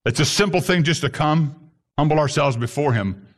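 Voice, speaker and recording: Male preacher, fairly high-pitched, fervent sermon delivery with shouted peaks. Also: moderate pace. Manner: impassioned, rising to shouts on key phrases.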